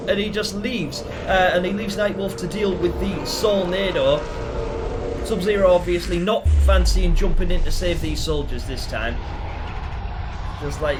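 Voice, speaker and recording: A man hosting a let's-play video, commenting excitably, laughing and swearing as he shouts at the game. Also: sits high, measured pace, background noise. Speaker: gaming video host. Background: game music.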